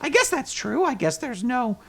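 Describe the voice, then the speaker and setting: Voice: big pitch swings, normal speed, creaky, full character voice. A performer voicing a cheery male talking toilet paper roll who hosts a comedic news talk show, with a hammy, bouncy manner. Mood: chipper. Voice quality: high squeaky cartoonish voice. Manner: bouncy, hammy, flustered when guests misbehave. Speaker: show host.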